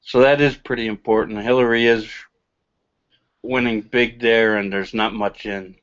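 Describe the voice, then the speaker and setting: A man's voice: medium pitch, steady tone, moderate pace. Co-host guy reading numbers off a site, lo-fi muffled audio. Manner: reads results aloud, thinking out loud. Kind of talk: casual live-stream commentary. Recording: dull lo-fi stream audio.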